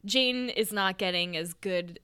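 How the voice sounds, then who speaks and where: A woman's voice: medium pitch, unhurried, sharp tone, smooth. A woman co-hosting a podcast in a giggly, enthusiastic casual chat. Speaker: podcast co-host.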